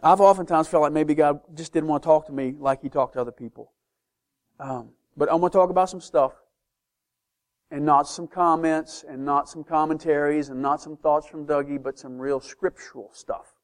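Animated man preaching a sermon. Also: fairly high pitch. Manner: animated, swings from loud to hushed, acts out doubters' voices.

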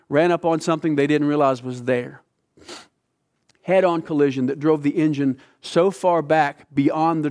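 Middle-aged guy preaching, fairly high voice, goes loud then real quiet, really into the story. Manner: impassioned storytelling, swings from loud to hushed. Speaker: pastor. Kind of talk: sermon.

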